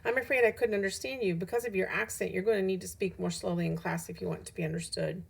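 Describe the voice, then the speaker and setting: A woman's voice: mid-range voice, fairly even intonation, quick pace, creaky, breathy edge. A woman reading aloud and voicing a strict, condescending woman teacher in a storybook. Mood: patronizing.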